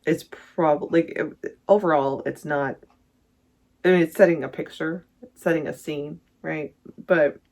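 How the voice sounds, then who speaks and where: Gravelly rambling album reviewer. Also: mid-range voice, steady tone, a little slow, a little mellow. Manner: rambling, self-correcting, enthusiastic. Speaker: music reviewer vlogger. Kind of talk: casual album ranking commentary.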